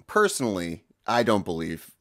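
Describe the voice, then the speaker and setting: A man's voice: low voice, sing-song, normal speed. A man from Iowa co-hosting a casual podcast chat, wry and meandering as he talks. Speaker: podcast co-host.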